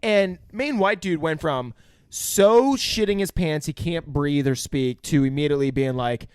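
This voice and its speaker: A young podcast co-host with a fairly high, clean-toned voice recaps a film at a measured pace in a casual movie review chat. He's profane and animated, swearing a lot and acting out scenes in quoted voices, all captured in clean studio sound with no room noise.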